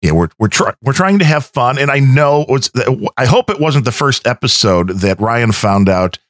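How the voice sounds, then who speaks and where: A man's voice: mid-range voice, animated, normal speed, no echo, clean studio sound. A man co-hosting a podcast in casual, rambling chat, often breaking off his sentences. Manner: rambling, self-interrupting. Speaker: podcast co-host and editor.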